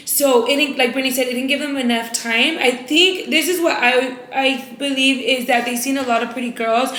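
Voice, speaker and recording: A woman's voice: sits high, fairly even intonation, moderate pace, fairly bright tone, echoey room, slight background noise. A young woman vlogger telling a story to her viewers in a casual, emphatic, dramatic way.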